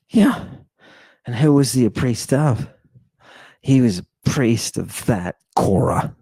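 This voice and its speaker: A man's voice: a little high, darkish tone, dry recording. A man giving an impassioned lecture on ancient texts. He talks emphatically, repeats his phrases and keeps checking with "right?".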